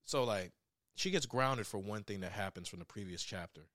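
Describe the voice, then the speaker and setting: A man's voice: fairly low pitch, normal speed, a bit bright, no echo. Young man in a dry, rambling chat. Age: young adult. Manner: rambling, with many fillers and restarts, swearing and laughing. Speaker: reviewer. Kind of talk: casual chat.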